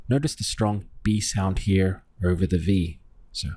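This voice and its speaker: Slow, patient low-voiced male teacher. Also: steady tone, warm tone, no room sound. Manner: patient, quizzing the listener and modeling words slowly. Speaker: Spanish teacher. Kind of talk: slow, deliberate language lesson.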